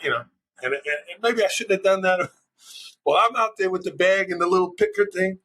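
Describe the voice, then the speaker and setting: A passionate, loud middle-aged man from New York who talks like a storyteller and acts out the people he quotes. His voice sits a little high and sounds bright and forceful. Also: moderate pace. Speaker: school leader, podcast guest. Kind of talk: casual interview talk.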